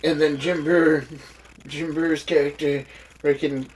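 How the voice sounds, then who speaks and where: A podcast co-host chatting casually about a movie, laughing often and retelling scenes in an animated way. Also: medium pitch, moderate pace. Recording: distant mic with faint background noise.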